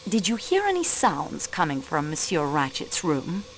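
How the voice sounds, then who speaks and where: A composed female investigator with a French accent for a mystery game. She questions politely and formally, her pitch rising and falling widely. Her tone stays even and measured. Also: a little hiss or hum, exaggerated voice. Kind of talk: video game voice acting.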